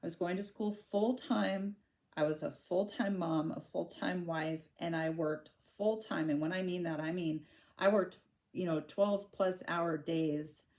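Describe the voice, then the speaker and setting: A woman in her forties with a low voice talks straight to her viewers. She is candid and halting, often breaking off and restarting her sentences as she tells her own story. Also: fairly even intonation, a little mellow. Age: 40s. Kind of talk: personal storytelling to camera.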